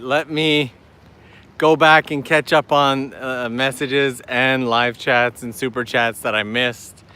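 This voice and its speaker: A man's voice: mid-range voice, pushed and bright, smooth. A man hosting a travel live stream outdoors, chatting enthusiastically with viewers while walking and reading their messages aloud. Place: outdoors on a seaside island path.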